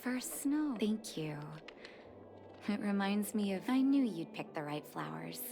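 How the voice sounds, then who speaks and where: A woman voicing an earnest young woman doctor in a game, speaking gently and with feeling, over game music. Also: medium pitch, lively intonation, measured pace, gravelly. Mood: tender. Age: young adult. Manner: gentle, heartfelt, softly emotional. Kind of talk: game dialogue and narration.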